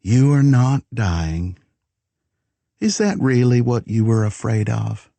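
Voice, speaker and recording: A man voicing a calm, faceless shadow man with a soft, accented voice that soothes quietly. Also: medium pitch, slow, vocal fry, no echo, pitched above the performer's own voice. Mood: soothing.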